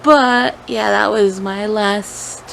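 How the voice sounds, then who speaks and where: Gravelly young woman telling a story. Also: medium pitch, steady tone, slow, a bit bright, low-quality recording. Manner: rambling, full of fillers and self-corrections. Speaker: vlogger. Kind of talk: casual storytime vlog. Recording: clear background noise.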